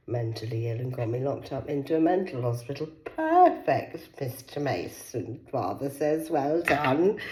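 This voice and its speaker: A woman from Cornwall, talking alone to camera in a rambling, profane monologue that veers between hushed whispers and loud outbursts. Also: rumbling low, gravelly, poor audio. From Cornwall, England.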